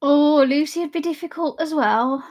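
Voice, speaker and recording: A woman's voice: high-pitched, moderate pace, darkish tone. A young woman live streamer chatting casually with her chat and laughing often while she drinks. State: drinking alcohol.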